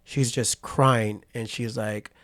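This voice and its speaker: Speaking slowly in a mid-range voice, this podcast guest is a man in his forties from Patterson, California. He tells a story in a laid-back interview, acting out what people said and frequently asking "right?"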